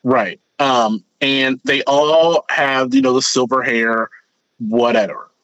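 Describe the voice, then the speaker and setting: A man co-hosting a podcast in casual chat, rambling and animated, often repeating words as he thinks. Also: mid-range voice, takes it slowly, no room sound. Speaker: podcast co-host. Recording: dull, lo-fi sound.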